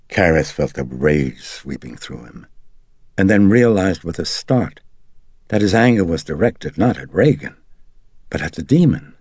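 A man narrating a horror novel in a slow, brooding, deliberate reading. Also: deep voice, expressive, a little mellow, slightly rough, dry recording. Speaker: audiobook narrator.

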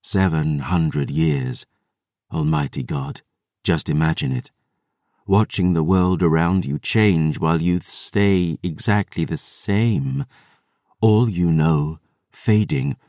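A man voicing a solemn woman in an audiobook, speaking softly and with measured, hushed gravity. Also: rumbling low, no echo, studio quality. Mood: awed. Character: ancient-minded solemn woman, hushed and awed.

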